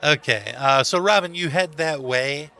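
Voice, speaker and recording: A man's voice: a little high, measured pace, music in the background. A man narrating a tabletop game as game master, with many fillers and chuckles.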